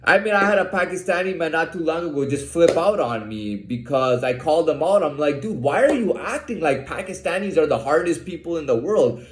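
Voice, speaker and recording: A man's voice: a little high, lively intonation, a little fast, hardly any pauses, roomy sound, slight background noise. A man ranting in an agitated monologue, swearing a lot and restarting his sentences. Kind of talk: profane monologue to camera.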